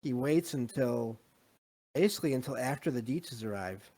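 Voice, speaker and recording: A man's voice: mid-range voice, lively intonation, normal speed, dark tone. A man hosting a podcast, recapping a film in a loose, rambling way. He fills his talk with ums and restarts, and sometimes turns aside to answer his live chat. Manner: rambling, many fillers, reads live chat. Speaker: podcast host. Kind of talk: casual movie review chat.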